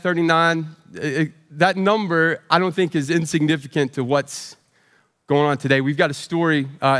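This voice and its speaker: Speaking in a large hall, a forties-aged male pastor delivers a storytelling sermon, putting on animated voices for quotes and poking fun at himself. His pitch runs on the high side.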